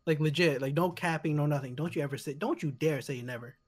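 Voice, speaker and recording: A man bantering on a casual podcast, with a voice a touch higher than most men. He pokes at his friends with playful, needling questions and does not let them dodge. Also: fast.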